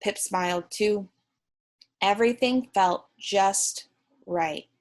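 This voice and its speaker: A young woman teacher reading a picture book aloud to young students, slow, gentle and encouraging, stopping to ask the class questions. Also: medium pitch.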